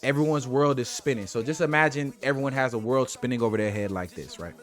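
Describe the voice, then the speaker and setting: A man's voice: mid-range voice, fast talker, faint music behind. A man giving blunt, profane life advice to camera in a casual motivational monologue, speaking.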